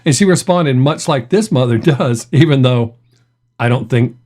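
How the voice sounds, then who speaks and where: A man's voice: medium pitch, normal speed, a little mellow. A middle-aged man hosting a reaction video, telling stories in a chatty way and laughing often. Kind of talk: casual reaction commentary.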